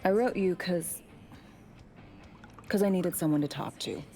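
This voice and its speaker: A woman voicing a weary lowish-voiced female operative. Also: measured pace, warm tone, faint music behind, natural voice. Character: weary female corporate operative craving normal life. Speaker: video game character. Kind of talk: video game dialogue.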